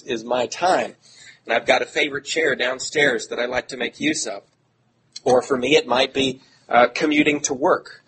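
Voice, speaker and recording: A middle-aged man preaching a sermon in an earnest, conversational way, with self-deprecating asides. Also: mid-range voice. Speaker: pastor. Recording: audible background noise.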